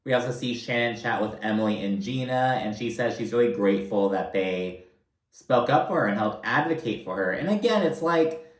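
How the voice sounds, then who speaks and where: A man's voice: mid-range voice, reverberant, rough recording. A man giving a casual recap of a reality TV episode, blunt, profane and sarcastic in his asides.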